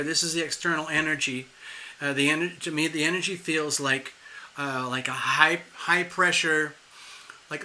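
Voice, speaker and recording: A man reading tarot live for a viewer, talking in a rambling, animated way with frequent restarts and chuckles. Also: a little high. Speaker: tarot reader hosting a live stream.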